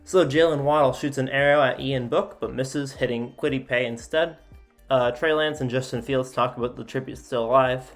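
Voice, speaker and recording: A man's voice: mid-range voice, steady tone, normal speed, faint music behind. A man casually reading out simulation events as a sports video host, with frequent filler sounds and offhand asides. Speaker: sports YouTuber.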